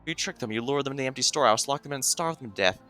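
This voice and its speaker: A man's voice: mid-range voice, rapid-fire, pushed and bright, soft background music, lightly acted. A man voicing a guarded young woman investigator, reading a game story aloud in a brooding, suspicious way. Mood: accusing. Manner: brooding, suspicious, then accusing.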